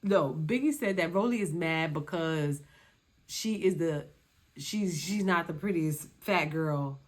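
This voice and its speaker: A woman gives casual commentary on a reality show. Her voice sits a little low, and she is sassy and dismissive, hammering the same phrase over and over.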